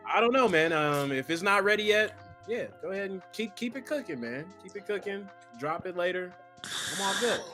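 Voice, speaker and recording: Chill guy on a gaming podcast, kinda high voice, says man a lot, faint music. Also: lively intonation, normal speed, sharp tone. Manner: laid-back, says "man" often. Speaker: podcast co-host. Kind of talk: casual gaming podcast chat.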